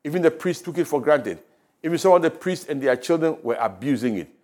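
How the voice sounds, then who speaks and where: A man with a Ghanaian English accent preaching a sermon, with rising emphasis and quiet drops. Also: on the high side, animated, fairly quick. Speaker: pastor. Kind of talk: radio sermon. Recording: radio broadcast.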